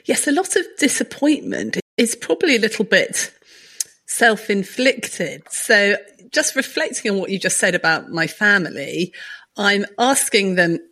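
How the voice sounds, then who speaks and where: A middle-aged woman co-hosting a podcast. She talks in a chatty, thinking-aloud way, laughs easily and keeps to a middle pitch. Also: sing-song, measured pace, fairly bright tone. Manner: chatty and reflective, laughs often. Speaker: podcast co-host. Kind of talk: casual conversation.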